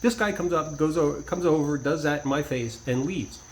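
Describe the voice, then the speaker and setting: A man's voice: a little high, normal speed, a little hiss or hum, low-quality recording. A man telling a personal story in a casual vlog, rambling with many restarts and asides. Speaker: vlogger.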